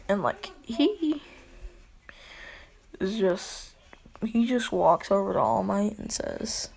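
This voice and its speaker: A woman's voice: mid-range voice, big pitch swings, takes it slowly, gravelly, pauses often, a little mellow. A woman rambling through a made-up fan story, full of "like.". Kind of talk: casual storytelling.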